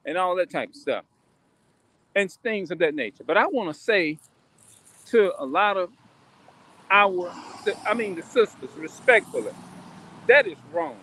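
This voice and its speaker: Guy preaching in his truck, kinda high voice, rambles and repeats stuff. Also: lively intonation, moderate pace, sharp tone, no room sound. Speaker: vlogger preaching. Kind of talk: casual religious monologue. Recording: vehicle noise, music in truck.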